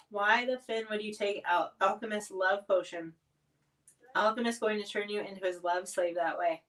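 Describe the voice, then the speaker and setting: A woman chats casually through a home livestream, her talk broken by frequent throat-clearing and coughs from spicy food. She sits a little back from the microphone, so her voice sounds slightly distant. Her pitch stays middling for a woman. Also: measured pace, pauses often. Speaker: livestream host reviewing spicy snacks.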